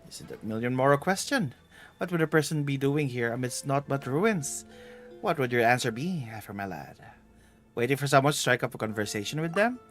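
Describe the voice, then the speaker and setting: A man's voice: medium pitch, lively intonation, fairly quick, faint music behind, natural voice. A man reading as a teasing older woman adventurer. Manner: teasing, bossy, playful read-aloud. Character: playful older woman treasure hunter with a bad back. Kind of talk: reading game dialogue aloud.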